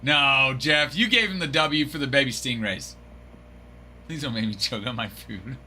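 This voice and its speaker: Bright-voiced jokey stream host, man. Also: medium pitch, normal speed, a little hiss or hum. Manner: joking, laughs often, answers viewers by name. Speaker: card break livestream host. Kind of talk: casual livestream chat.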